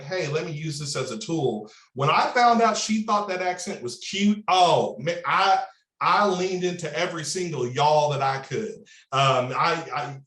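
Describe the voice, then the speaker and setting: A man in his thirties with a Southern Indiana accent, telling stories as a panelist in a discussion, animated and drawling. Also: a little high, roomy sound. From Southern Indiana, USA. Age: 30s. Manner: animated, drawling, repeats words when starting.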